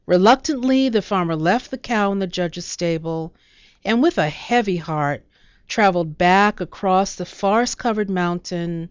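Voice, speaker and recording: A woman narrating a storybook in a measured, expressive reading. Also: fairly low pitch, clear, resonant tone, dry recording, dull audio.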